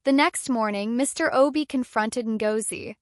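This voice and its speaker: A woman narrating a dramatic folktale in a steady storytelling manner. Her voice sits fairly high. The sound is close and dry, with no room echo. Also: unhurried.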